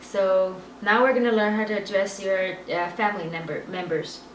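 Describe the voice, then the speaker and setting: A woman's voice: medium pitch, fairly even intonation, normal speed, a little hiss or hum. Woman tutor going step by step, patient, far off the mic, roomy echo. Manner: patient, explains step by step, confirms with "right". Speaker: Chinese teacher. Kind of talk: casual language lesson.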